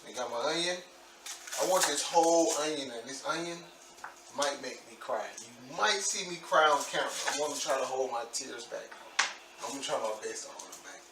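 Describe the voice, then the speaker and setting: Man, casual cooking vlog, relaxed chatter, loud sizzling pan behind. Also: fairly quick, noisy background. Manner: chatty, relaxed, says "boom" while chopping. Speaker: home cook vlogger. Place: home kitchen. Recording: echoey kitchen, far from mic, loud frying.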